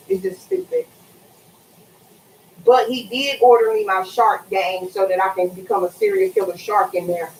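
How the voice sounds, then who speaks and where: A woman's voice: mid-range voice, roomy sound, slight background noise, low-quality recording. A woman talking casually and swearing freely while cleaning greens at her kitchen sink for a cooking vlog. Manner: animated, profane, swears freely. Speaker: cooking vlogger.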